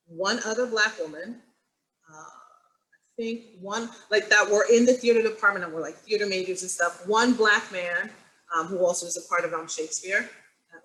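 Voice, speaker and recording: A woman with a bright, forceful voice moderates an online panel discussion. She tells stories animatedly and acts out the quoted lines. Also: lowish voice, poor audio. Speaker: moderator and acting teacher. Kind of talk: panel discussion on a video call.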